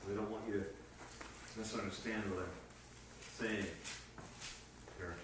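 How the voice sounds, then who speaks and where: Animated preacher in a distant echoey hall. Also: male voice, on the low side, a little slow. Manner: animated, rising to emphatic bursts. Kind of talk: sermon. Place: meeting hall. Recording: echoey room from far off with faint noise.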